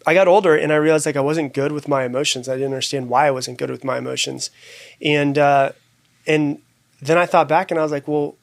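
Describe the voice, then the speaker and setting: A man, a podcast guest, telling his own story candidly and reflectively, with many fillers and restarts. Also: medium pitch.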